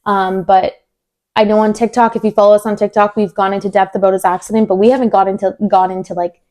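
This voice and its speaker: A woman's voice: medium pitch, fast talker. A young woman co-hosting a podcast, telling a story in casual chat, acting out quoted lines with many "like" fillers. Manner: animated, acts out quoted dialogue, many "like" fillers. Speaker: podcast co-host.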